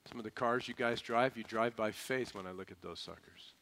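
A man's voice: fairly low pitch, fairly quick, a bit bright, a little hiss or hum. A male pastor preaching a sermon in an emphatic, folksy, humorous way, prompting the congregation to answer. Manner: emphatic, calls for audience responses.

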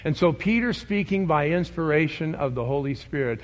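Male pastor, sermon delivery, slightly high voice, emphatic, conversational. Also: lively intonation, normal speed. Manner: emphatic, conversational, questions the congregation.

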